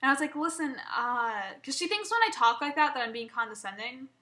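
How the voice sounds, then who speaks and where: A woman's voice: sits high, very animated, fast, sharp tone. A young woman vlogging an emotional personal rant, rambling and swearing, often stumbling and restarting.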